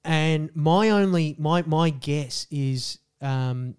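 A man telling a story on a casual podcast. He swears freely and is animated, with loud bursts when he quotes people. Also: a little high, slow pace, clear, resonant tone. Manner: animated, profane, jumps into loud voices when quoting people. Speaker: podcast co-host.

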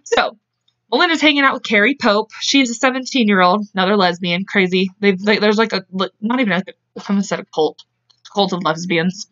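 A woman's voice: medium pitch, brisk, a bit bright, dry recording, highs cut off. A woman hosting a podcast, telling a true story in a casual, chatty way, with frequent swearing and laughing asides. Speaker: podcast host.

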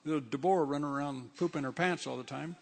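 Man, preacher, sermon, high voice, gravelly, conversational and emphatic. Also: fast talker, a little mellow, a little hiss or hum.

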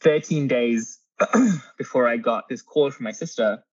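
Young man, author guest; earnest, halting delivery full of ums; muffled, dry remote recording. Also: mid-range voice, lively intonation, no echo. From Britain. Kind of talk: candid interview conversation.

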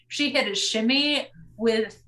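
Speaking slowly in a slightly high voice, this young podcast co-host recaps a reality show with lots of laughter. She's animated and performs the quotes as she goes.

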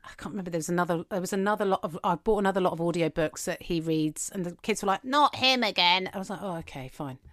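A woman's voice: fairly low pitch, steady tone, racing, hardly any pauses, dry recording, studio quality. Chatty woman podcast co-host. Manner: chatty, laughs often, acts out quotes. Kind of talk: casual chat.

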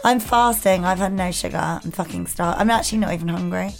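A woman's voice: on the low side, fairly quick, gravelly, soft background music. A woman co-hosting a podcast, brash, sweary and giggly in casual chat. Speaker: podcast co-host.

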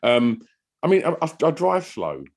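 A man's voice: on the high side, wildly swooping pitch, normal speed. A man, co-hosting a podcast, chatting casually and telling rambling stories with some swearing. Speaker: podcast co-host. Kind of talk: casual chat.

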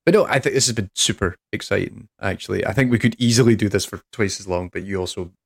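A man's voice: on the low side, fast, creaky, breathy edge. Rambling English man hosting a podcast. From England. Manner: rambling, self-deprecating, hesitant with restarts. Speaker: podcast host. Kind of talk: casual podcast chat.

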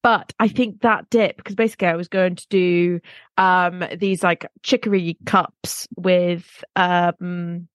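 A woman's voice: fairly low pitch, fairly even intonation, takes it slowly, no room sound. A woman co-hosting a podcast in casual, rambling chat, poking fun at herself. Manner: chatty, self-mocking, rambling asides. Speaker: podcast co-host.

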